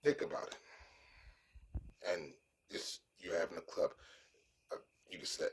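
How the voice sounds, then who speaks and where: A man's voice: low-pitched, sing-song, a little slow, slight background noise. A man giving a motivational self-talk monologue, coaching himself and repeating phrases as he acts out sample lines.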